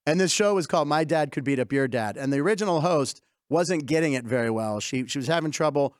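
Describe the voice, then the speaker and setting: A man with a somewhat high voice hosts a comedy sports talk show. He tells anecdotes and laughs easily. The sound is close and dry. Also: animated, fast talker, dry recording. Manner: jokey storyteller, laughs often. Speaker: host. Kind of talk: casual comedy sports chat.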